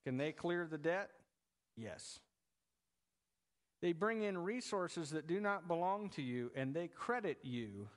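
A man preaching a sermon as pastor, in a relaxed conversational way that jokes with the congregation. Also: on the high side, in a large hall.

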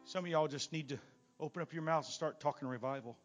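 Guy preaching in church, kinda high voice, soft guitar under it, gets loud then drops way down. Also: quick pace. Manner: swings between loud shouting peaks and low, quiet asides. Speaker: guest preacher. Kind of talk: Pentecostal sermon. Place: church sanctuary.

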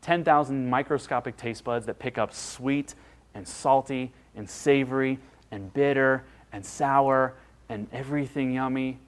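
A man's voice: medium pitch, unhurried. A man preaching a sermon as pastor, in an emphatic, conversational way that repeats phrases for stress and asks the listeners questions.

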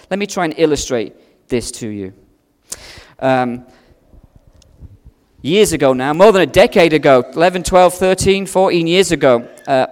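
Man preaching in a reverberant hall. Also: a little high. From outside America. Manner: emotional storyteller, swings from loud to hushed. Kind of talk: sermon with personal story.

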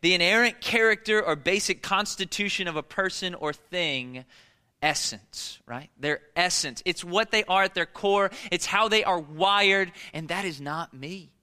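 A man's voice: high-pitched, a little slow, pushed and bright, clean tone, in a large hall. A young man preaching a sermon as a pastor, speaking conversationally and emphatically, often restarting his sentences.

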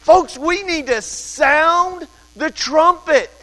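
A man's voice: very high-pitched, takes it slowly, bright, forceful tone, big-room sound, rough recording. A man in his thirties, a pastor telling a family story in a sermon, then preaching in an earnest, urgent way.

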